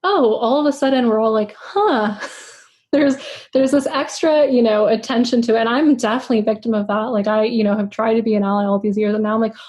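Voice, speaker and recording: Young woman host, high mellow voice, rambling, reflective, lots of fillers. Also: steady tone, fast. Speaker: podcast host. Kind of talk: casual chat.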